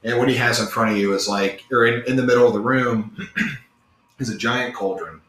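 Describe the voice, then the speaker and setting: A man's voice: mid-range voice, moderate pace, fairly bright tone, a little hiss or hum. A man narrating a tabletop game as game master, rambling with lots of fillers, in an echoey room.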